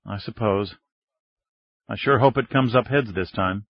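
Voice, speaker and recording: A man reading the lines of a brisk, plainspoken female senior intelligence officer in an audiobook. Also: lowish voice, dry recording, lo-fi sound. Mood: wry.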